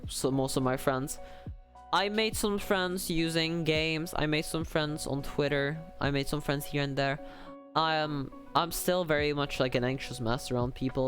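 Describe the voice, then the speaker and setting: Rambling young male streamer, faint music. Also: on the high side. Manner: rambling and self-deprecating, many fillers. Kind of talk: casual livestream chat.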